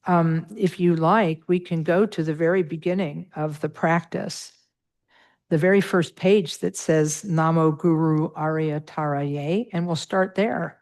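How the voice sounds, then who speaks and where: A woman's voice: on the low side, steady tone, a little slow, a little mellow. A middle-aged woman teaching a Buddhist meditation class, patiently walking through pronunciation with many fillers.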